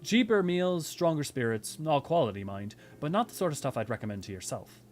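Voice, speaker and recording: A man voicing a blunt middle-aged tavern keeper in a fan reading of game dialogue, talking in a plain, folksy, low and measured way. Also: big pitch swings, faint music behind. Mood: wry.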